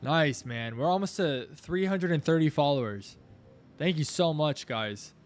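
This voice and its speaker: A young man chats casually while live-streaming his crypto trades, thanking viewers and talking the price chart up out loud. His voice is a little high and animated, and he keeps a measured pace.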